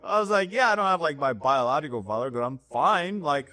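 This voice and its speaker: A young man co-hosting a podcast in casual chat. He tells animated stories, and his voice jumps high when he gets worked up. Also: a little fast, dry recording. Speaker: podcast co-host.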